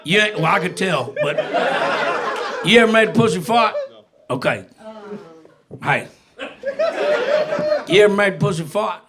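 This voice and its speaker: A man's voice: high voice, animated, measured pace, long pauses, heavy background noise. A brash man doing a rowdy stand-up comedy set on a club stage. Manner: brash, rowdy, shouting punchlines. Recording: live club set with audience. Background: audience laughter and reactions.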